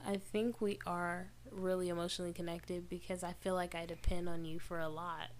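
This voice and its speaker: A woman co-hosting a casual podcast with her husband, candid and quick to laugh. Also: lowish voice, little pitch movement, slight background noise. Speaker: podcast co-host. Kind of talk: casual chat.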